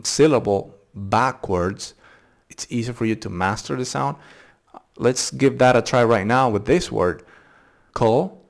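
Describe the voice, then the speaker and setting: Man drilling tricky words slowly. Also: fairly low pitch. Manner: thinks aloud with fillers and restarts. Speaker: English pronunciation channel host. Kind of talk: casual unscripted pronunciation lesson.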